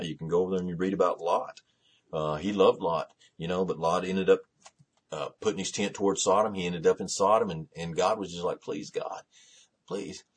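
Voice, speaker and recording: A man with a low, breathy-edged voice preaches a sermon conversationally and repetitively, restarting often and rising to fervent emphasis.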